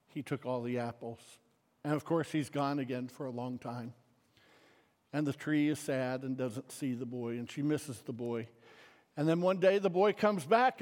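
A man's voice: fairly high pitch, darkish tone. Casual, rambling male preacher in a reverberant hall. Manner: casual, rambling, full of fillers. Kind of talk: sermon storytelling.

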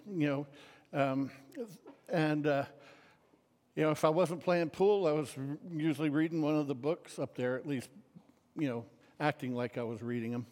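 A male preacher tells a story to a congregation in a loose, chatty way, with plenty of fillers. His voice is fairly high. A long reverb fills the sanctuary. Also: a little mellow. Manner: casual, rambling, full of fillers. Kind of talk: sermon storytelling.

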